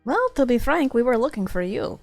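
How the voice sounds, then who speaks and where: A woman's voice: on the high side, big pitch swings, fairly quick, dry recording, soft background music. A woman player at a tabletop game, speaking bluntly and wryly in casual table talk. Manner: blunt, wry, conversational.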